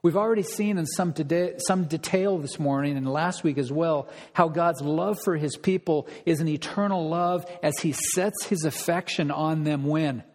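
A man's voice: fairly high pitch, moderate pace, hardly any pauses, darkish tone, big-room sound. A man preaching a sermon as pastor, asking rhetorical questions and repeating key phrases for emphasis.

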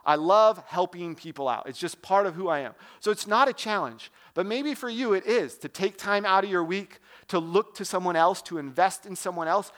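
A young man with a notably high voice delivers a relaxed sermon. He talks like he is chatting with friends and keeps checking in with the listeners through questions. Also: normal speed, few pauses. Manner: conversational, asks the audience questions. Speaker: preacher. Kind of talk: casual sermon.

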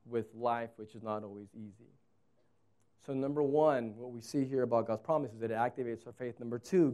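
High-voiced pastor in his thirties. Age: 30s. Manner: animated storytelling, acts out dialogue. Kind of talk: sermon.

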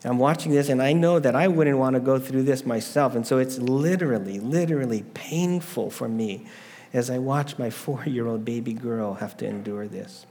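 A man's voice: mid-range voice, normal speed, darkish tone, big-room sound. A middle-aged man preaching a sermon, telling a family story with rhetorical questions. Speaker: pastor.

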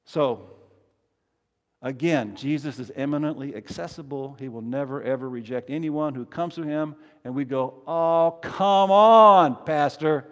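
A man preaching a sermon as pastor, emphatic and swinging from soft to loud, leading his congregation in call-and-response. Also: medium pitch, normal speed. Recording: long reverb of a large hall.

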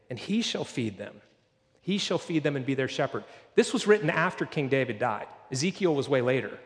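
A man preaching a sermon in a church, earnest, slowing down to read scripture. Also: a little high, long reverb tail. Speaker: pastor.

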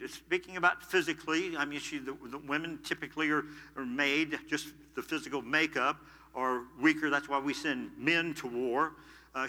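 Older guy preaching, goes from loud to quiet storytelling, echoey hall. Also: fairly high pitch, fairly even intonation, normal speed. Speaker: pastor. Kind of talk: sermon. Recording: long hall reverb.

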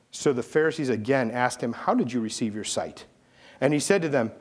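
Animated male pastor preaching. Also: fairly quick. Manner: animated storytelling, acting out voices with big pitch swings. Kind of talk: sermon.

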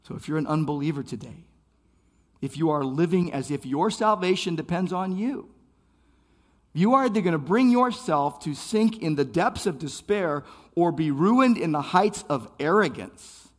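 A man's voice: fairly high pitch, animated, normal speed. A man preaching a sermon as pastor, impassioned, building phrases by repeating them.

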